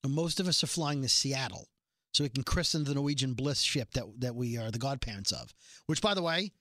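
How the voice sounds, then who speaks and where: A man from New York City with a New York accent, co-hosting a casual chat show and acting out people in quick asides. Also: mid-range voice, sharp tone, dry recording, clean studio sound. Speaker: podcast co-host.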